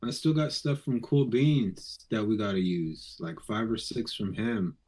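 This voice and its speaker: A man's voice: on the low side, measured pace, darkish tone, husky. A man chatting on a live video call, laid-back, giving brief answers.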